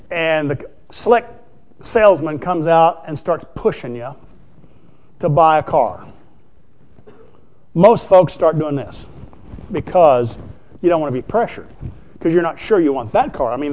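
A man with a high voice preaches in a homespun, conversational way. He keeps asking the congregation rhetorical questions and talks to them as if they were neighbours. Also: a little mellow. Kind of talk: sermon.

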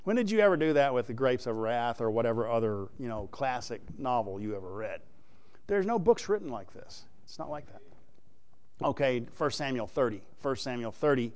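Man, preacher, sermon, conversational, asks listeners questions, smooth clear voice. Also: mid-range voice, darkish tone. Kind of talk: sermon teaching from scripture.

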